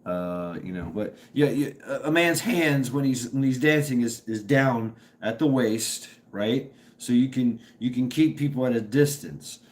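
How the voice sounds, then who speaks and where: A middle-aged man with a strained, hoarse voice, hosting a casual live stream and rambling, halting as he greets viewers by name. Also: medium pitch. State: strained voice from dusty work.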